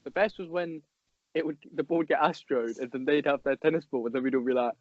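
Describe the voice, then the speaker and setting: A young man with a fairly high voice, telling stories animatedly and mimicking others. The audio is dry and slightly lo-fi. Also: fast, dry recording. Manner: animated storyteller, quotes people in put-on voices, laughs. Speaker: podcast co-host. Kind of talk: casual chat.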